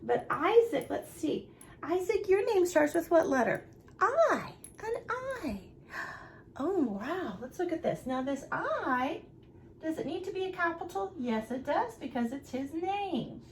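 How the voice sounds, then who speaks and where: A young nursery teacher speaks in a high, slightly gravelly voice. She talks slowly and sweetly to small children in a patient, sing-song tone. A faint hiss sits behind her. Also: sing-song. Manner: slow, sing-song, encouraging teacher talk.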